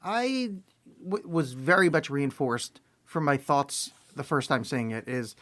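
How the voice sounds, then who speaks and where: A podcast co-host chatting casually, blunt and opinionated with quick asides. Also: mid-range voice, animated, a bit bright. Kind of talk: casual chat.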